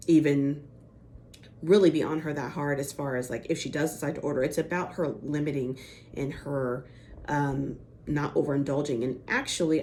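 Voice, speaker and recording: A woman's voice: sits low, darkish tone, slight background noise. A woman giving a casual, chatty recap of a TV episode, full of "like" and "you know" and acting out the quotes. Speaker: reality TV recap host.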